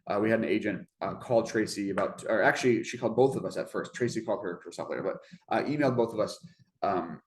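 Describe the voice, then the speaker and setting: Low-voiced man presenting a webinar. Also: quick pace. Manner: conversational, earnest, many restarts. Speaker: webinar presenter for a marketing program. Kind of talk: informational webinar talk.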